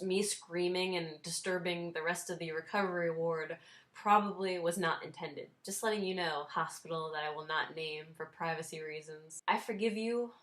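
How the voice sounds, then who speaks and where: A woman's voice: sits low, a bit bright. A woman in her twenties telling a story in a casual vlog, wry and self-deprecating, laughing now and then as she talks. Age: 20s. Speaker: vlogger.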